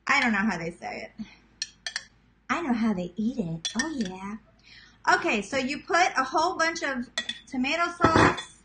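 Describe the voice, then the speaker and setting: A woman's voice: fairly high pitch, animated, moderate pace, sharp tone, slight background noise, low-quality recording. A woman in her thirties from Queens with a New York accent, chatting casually to viewers as she walks through a recipe in her home kitchen. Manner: chatty, self-teasing, talks to viewers as guys. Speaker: cooking vlogger. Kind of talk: casual cooking demonstration.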